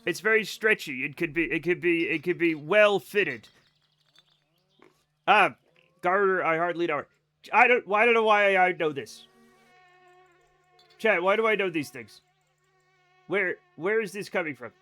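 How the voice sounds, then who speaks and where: A man's voice: high-pitched, a little slow, pauses often, bright, forceful tone. A man streaming a game live, rambling casually to his chat in a self-amused way.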